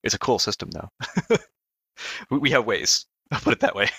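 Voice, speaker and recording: A man with a low, bright voice chats as a podcast guest about making games. He pauses and hedges, laughs often, and sounds relaxed. The sound is close and dry. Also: vocal fry, husky, dry recording. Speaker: game developer guest. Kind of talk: casual podcast chat.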